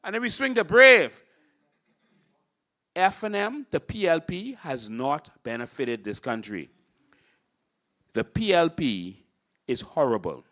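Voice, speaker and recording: A man's voice: fairly high pitch, sing-song, slow pace, long pauses, pushed and bright. A man with a Bahamian accent hosting a political talk show, talking in an impassioned, preachy way to a live studio audience. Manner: impassioned, preachy, acts out voters in mocking voices. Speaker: political host and party leader.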